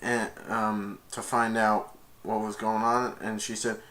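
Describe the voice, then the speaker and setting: A man's voice: lowish voice, little pitch movement, slow pace, pushed and bright. A young man casually retelling a movie's plot in a rambling, loose way, stringing events together with "and then". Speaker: movie reviewer.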